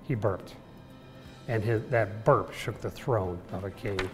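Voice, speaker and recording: A man reading a rhyming children's book aloud with a lively, rhythmic delivery. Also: lowish voice, a little slow, music in the background. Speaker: storyteller. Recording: echoey room with long reverb.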